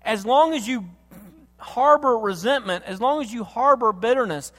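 A man's voice: extremely high pitch, normal speed. Impassioned preacher man in a reverberant hall. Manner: impassioned, swings from loud emphasis to hushed tenderness. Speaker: pastor. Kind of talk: sermon.

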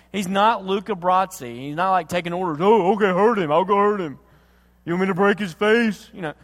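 Pastor preaching, high-pitched man, impassioned with hushed turns, long hall echo. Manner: impassioned, swings from loud emphasis to hushed tenderness. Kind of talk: sermon.

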